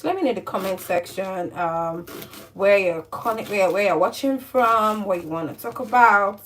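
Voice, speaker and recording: A woman's voice: medium pitch, fairly bright tone. A woman with a Nigerian accent, tired, chatting earnestly while chopping vegetables in a casual cooking vlog. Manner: chatty, earnest, advice-giving, wordy and repetitive. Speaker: cooking vlogger. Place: home kitchen. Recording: distant mic, faint background noise.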